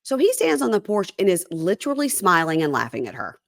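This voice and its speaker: Woman podcast host, lower-pitched, very lively delivery, close dry mic, acts out the quotes. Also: quick pace, vocal fry, no room sound. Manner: animated storyteller, acts out quoted lines. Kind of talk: casual chat recapping reality TV.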